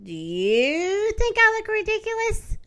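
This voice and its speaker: Lady reading as an insecure hippo from a kids story, earnest and plaintive, slow and bright. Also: very high voice, huge pitch swings, voice pushed up, heavily acted. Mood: wondering. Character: shy, self-conscious female hippopotamus. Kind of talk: storybook read-aloud.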